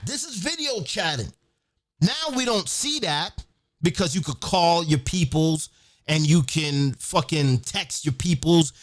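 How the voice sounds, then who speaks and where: A man hosting an event, delivering an excited, profane monologue and half-singing some lines. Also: a little high. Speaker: event host. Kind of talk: excited monologue over a beat. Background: music.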